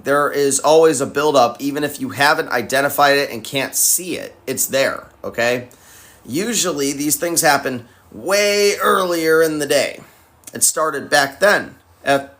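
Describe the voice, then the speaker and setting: A man's voice: mid-range voice, bright, forceful tone. A man hosting a live stream, answering viewer questions in a candid, conversational way and telling personal stories. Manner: candid and conversational, swears casually. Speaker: host. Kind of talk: live-stream advice talk.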